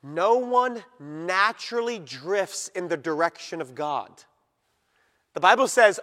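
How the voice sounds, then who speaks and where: A man preaching a sermon in a fairly high voice, addressing his listeners directly. He hammers his points with emphasis, then slows down and drops to a near hush. His voice rings out with a long reverb, as in a large hall. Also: lively intonation. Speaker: pastor.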